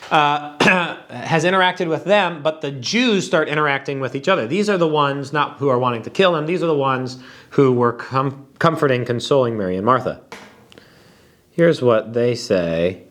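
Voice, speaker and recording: Man, Bible teacher; fairly high voice; earnest, reflective, slows for emphasis. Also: fairly bright tone. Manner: earnest, reflective, with slow emphatic pauses and repeated words.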